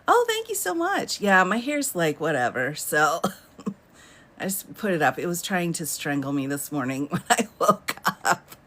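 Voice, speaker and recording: A woman's voice: low-pitched, expressive, measured pace, fairly bright tone. A woman in her thirties hosting a casual live stream from home, chatting and laughing often as she answers viewer comments. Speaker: livestream host.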